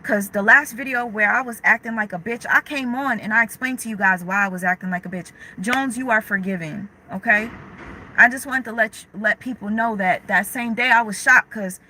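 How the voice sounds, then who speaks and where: A woman's voice: on the high side, a little fast, pushed and bright, slight background noise, low-quality recording. A young woman hosting a casual livestream, talking candidly in slang and answering viewers' chat comments as they come in. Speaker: livestream host.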